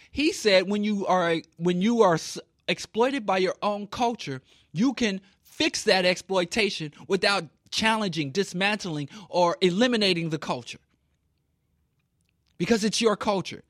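A man's voice: high voice, expressive, a little slow, a bit bright, no echo, studio quality. A man from Kansas City giving an impassioned talk, emphatic and preachy, with rhetorical questions. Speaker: speaker.

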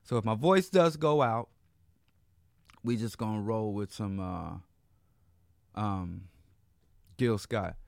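A man from Chicago hosting a live internet radio show, hoarse as he loses his voice, talking in a laid-back, rambling way with casual slang. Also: on the low side, takes it slowly, long pauses, a little mellow, dry recording, studio quality. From Chicago, Illinois. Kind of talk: live radio talk monologue. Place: radio studio.

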